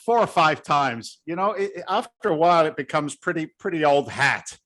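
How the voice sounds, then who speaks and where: A man's voice: a little high, lively intonation, normal speed, bright, forceful tone. A man in his fifties from England, with a blended London and Boston accent, chatting as an interview guest in a rambling, blue-collar way. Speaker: guest, real estate investor. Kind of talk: casual conversation.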